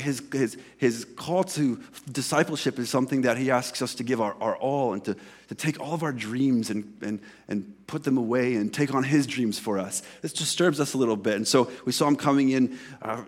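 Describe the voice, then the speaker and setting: Conversational man preaching a sermon. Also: mid-range voice. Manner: conversational, self-correcting, acts out dialogue. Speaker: pastor. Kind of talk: sermon with personal story.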